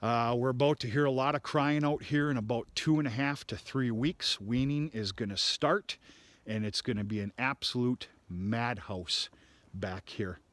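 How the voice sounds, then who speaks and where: A man of middling pitch with a blunt, rambling way of talking, recorded outdoors on a farm. He chats to camera casually, swearing mildly and trailing off into fillers as he tours his herd. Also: normal speed, a bit bright, no room sound. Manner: rambling, blunt, mild cursing. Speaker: cattle farmer.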